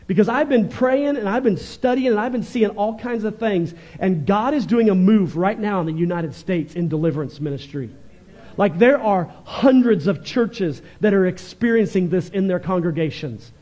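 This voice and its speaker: High-voiced fervent male pastor. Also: normal speed. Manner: fervent, animated preaching with shifts in volume. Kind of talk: sermon.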